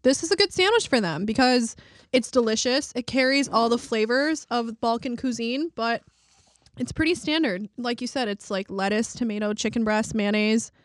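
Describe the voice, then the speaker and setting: A woman's voice: a little high, moderate pace, no room sound, clean studio sound. A woman co-hosting a casual food podcast, chatty and rambling, using slang. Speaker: podcast co-host. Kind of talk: casual chat.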